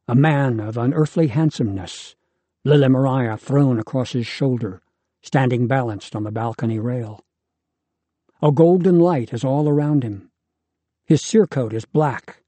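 A man narrating a science-fiction novel in a steady, even reading. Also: mid-range voice, no echo. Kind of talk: audiobook narration.

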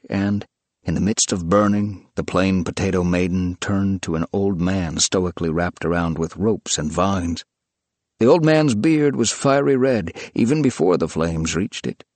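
A man giving a measured, scripted narration of a story. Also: low-pitched, a little mellow, dry recording.

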